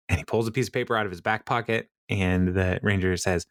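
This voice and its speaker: A man's voice: on the low side, steady tone, quick pace, few pauses, a bit bright, dry recording, clean studio sound. A man casually recapping a sitcom episode, rambling, laughing often and acting out quotes. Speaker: podcast co-host.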